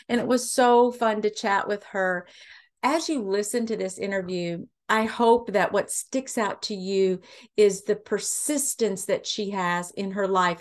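A woman hosting a faith podcast, introducing her guest and asking questions with gushing enthusiasm. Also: mid-range voice. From Kentucky, USA. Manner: gushing, effusive. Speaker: podcast host.

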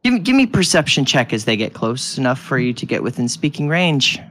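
A man's voice: mid-range voice, sing-song, a little fast, background noise. A man narrating a tabletop game as game master, describing scenes with restarts and little sound effects.

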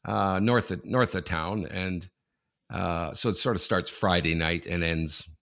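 A man in his forties co-hosting a casual sports podcast, telling a rambling anecdote full of restarts that builds to loud excitement. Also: low-pitched, a little slow. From Canada. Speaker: podcast co-host. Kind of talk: casual sports talk, storytelling.

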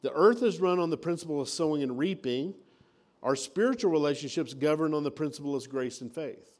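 Guy preaching, pitch a bit up, folksy, acts out little scenes. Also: fairly quick, darkish tone. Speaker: pastor. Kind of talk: sermon.

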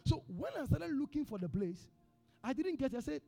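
A man preaching in a church with a Ghanaian English accent, telling a personal story in his sermon. He is an animated storyteller who swings from hushed tones to shouting. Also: very high voice, a little fast, creaky, soft background music. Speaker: pastor.

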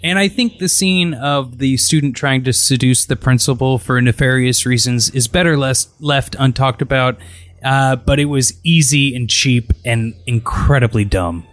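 A man's voice: mid-range voice, moderate pace, no echo. A man co-hosting a podcast in casual chat, with a dry, wry sense of humor. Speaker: podcast co-host.

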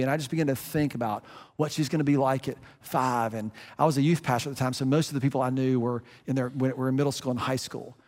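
A man's voice: medium pitch, fairly even intonation, quick pace, big-room sound. A middle-aged man preaching a sermon as a pastor, earnest and conversational, often restarting his phrases.

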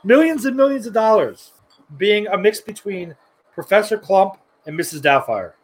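A man's voice: sits high, animated, moderate pace, rough recording. A man in his thirties co-hosting a podcast, laughing and swearing as he jokes. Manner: laughing, profane joking. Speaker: podcast co-host. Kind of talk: casual podcast banter.

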